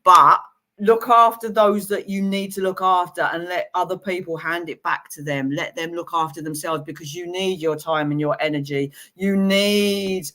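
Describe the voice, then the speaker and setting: A woman's voice: fairly low pitch, fairly even intonation, moderate pace. A woman giving a live-streamed tarot reading, chatty and giggly, laughing at her own jokes while reassuring viewers. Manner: chatty, giggly and self-amused; warm, reassuring advice to viewers. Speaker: tarot reader.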